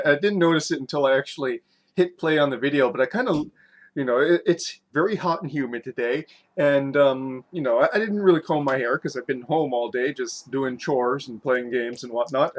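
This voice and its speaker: A man casually rambling through a beer review at home, chatty and self-mocking, with lots of fillers and restarts. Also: medium pitch.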